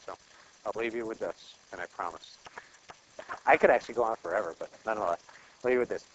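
Low-voiced guy preaching, chatty storytelling, keeps repeating short lines. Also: fast, highs cut off, slight background noise. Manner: storytelling, acting out dialogue in plain voice; repetitive, exhortative phrasing. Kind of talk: conversational sermon.

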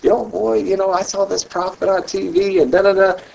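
A man quoting his devout, loving elderly grandmother in a gentle, soft-spoken way. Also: high voice, little pitch movement, normal speed, gravelly, voice pushed up. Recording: distant, dull mic.

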